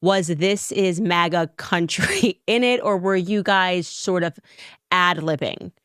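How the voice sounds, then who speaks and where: A woman's voice: fairly low pitch, slow, fairly bright tone, clear, resonant tone, no room sound, studio quality. A woman interviewing two guests in a sarcastic, mocking way, laughing often. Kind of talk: casual interview.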